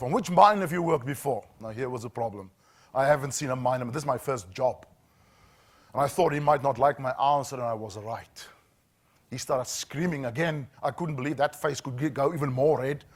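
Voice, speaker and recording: South African man telling a story. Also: medium pitch. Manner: anecdotal, self-deprecating, dramatic pauses. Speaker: safety training speaker. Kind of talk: storytelling keynote talk. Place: training room with audience.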